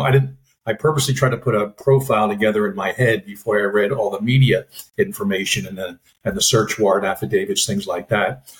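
A man with a fairly low voice talks through a case on a podcast, stopping and restarting often with lots of filler words. He has the relaxed, explanatory manner of a former agent sharing his view. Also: low-quality recording. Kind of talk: casual podcast discussion.

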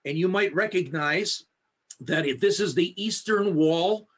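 A man, a pastor, teaching an online Bible study over a video call, speaking earnestly and reciting a blessing slowly. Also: high-pitched, slightly rough. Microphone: high definition video camera.

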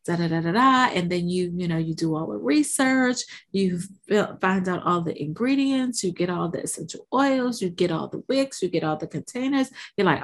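A woman hosting a podcast, giving an animated motivational monologue that acts out inner voices and keeps checking in with "right?". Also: mid-range voice, moderate pace, few pauses. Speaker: podcast host.

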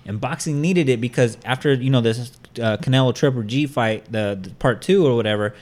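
A man's voice: mid-range voice, darkish tone. A man co-hosting a casual podcast chat, swearing freely and often repeating words. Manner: rapid, profane, repeats words.

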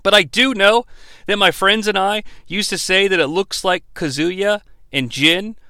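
A man's voice: sits high, measured pace, pushed and bright, clean tone, dry recording. A man hosting a comedic movie review, recapping the plot with sarcastic, profane asides.

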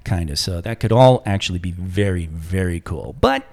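A man's voice: deep voice, lively intonation, moderate pace, gravelly, a little mellow. A man chatting casually about a fantasy series, rambling with many restarts and asides. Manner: rambling, full of restarts and fillers. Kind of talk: casual chat.

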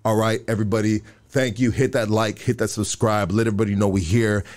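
A man hosting a podcast, reading sponsor shout-outs in loose street slang before handing over to his guest. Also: fairly low pitch, little pitch movement, fast. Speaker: podcast host. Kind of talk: casual podcast talk with sponsor reads.

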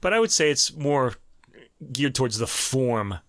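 A man's voice: mid-range voice, lively intonation, measured pace, a bit bright, no room sound. A man with a New York accent chatting casually through a review of a classical piano album, full of fillers and restarts, as host of a show.

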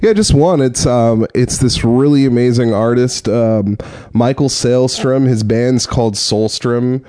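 A man talking as a podcast guest about his music work, relaxed and rambling, with frequent fillers. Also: medium pitch, unhurried, clean tone, dry recording, studio quality. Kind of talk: casual chat.

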